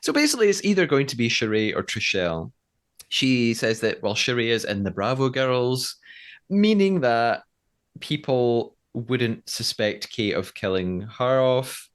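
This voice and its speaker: A man's voice: medium pitch, big pitch swings, a little slow. A man co-hosting a podcast, recapping a show in casual chat and laughing often. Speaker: podcast co-host.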